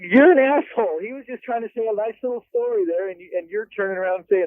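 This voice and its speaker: Brief: high, rapid male caller, scolding, phone-line sound. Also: no room sound.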